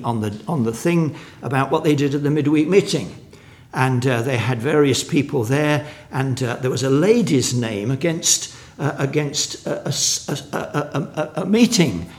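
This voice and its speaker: An older man from England giving a lecture-style sermon at a conference, reading quotations aloud between many restarts and stumbles. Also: a little high. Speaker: conference speaker.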